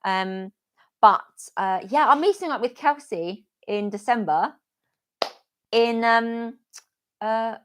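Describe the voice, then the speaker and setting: A woman's voice: on the high side, slow, pauses often, background noise. A woman with a British accent hosting a live stream, chatting enthusiastically and gushing about places she loves. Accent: British English. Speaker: vlogger and stream host. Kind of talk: casual live-stream chat.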